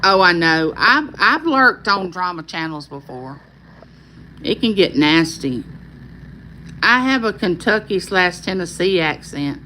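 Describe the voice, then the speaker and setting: A woman's voice: lowish voice, big pitch swings, a little slow, pushed and bright, a little hiss or hum, low-quality recording. A woman with a Southern accent hosting a casual live stream, chatting and reading viewer comments aloud in a friendly, folksy drawl. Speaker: YouTube host on a live stream.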